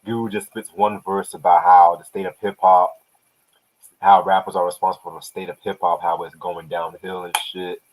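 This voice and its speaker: A man's voice: deep voice, little pitch movement, moderate pace, low-quality recording. A man hosting a casual hip hop album review, profane, slangy and enthusiastic. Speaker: podcast host.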